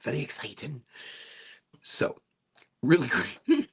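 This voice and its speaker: A man's voice: a little high, huge pitch swings, a little slow, creaky, long pauses, husky. A middle-aged man casually demonstrating a vaporizer on a livestream, playful and prone to silly asides.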